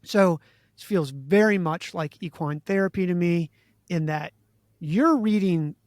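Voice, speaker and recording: A man from Maryland hosting an interview, thinking aloud in a halting, musing way with many restarts. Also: high-pitched, no room sound, clean studio sound. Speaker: podcast host. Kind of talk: casual interview chat.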